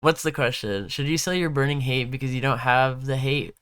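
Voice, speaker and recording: A young man in casual live-stream chat, his voice smooth and clear at a middle pitch. He rambles and corrects himself as he tells stories and answers viewers' questions. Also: fairly quick, fairly bright tone, no echo, clean studio sound.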